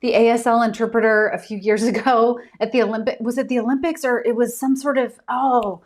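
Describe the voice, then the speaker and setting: An author hosting a casual live stream from home, chatty and giggly with many ums. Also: female voice, on the high side, steady tone, brisk.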